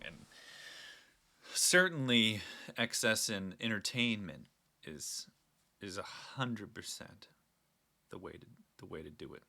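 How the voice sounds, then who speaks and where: Young man, casual solo talk, bright tense voice, lowish pitch, rambling restarts. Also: vocal fry. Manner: rambling, earnest, many restarts. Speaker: podcast host.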